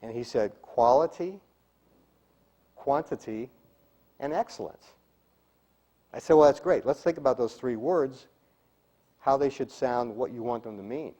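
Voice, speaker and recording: A middle-aged man with a mellow, warm voice coaches a room of listeners on speaking skills. He talks emphatically, stressing key words and showing each point by example. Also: mid-range voice, measured pace, long pauses. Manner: emphatic, demonstrates delivery, drops to a whisper for effect. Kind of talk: live seminar talk to a group.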